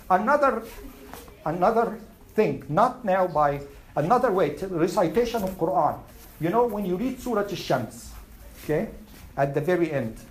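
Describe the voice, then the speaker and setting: A woman teaching a Quran class, asking her students questions and reciting Arabic verses quickly. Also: on the low side, darkish tone, rough recording. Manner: asks the class questions and answers them. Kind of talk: classroom lesson.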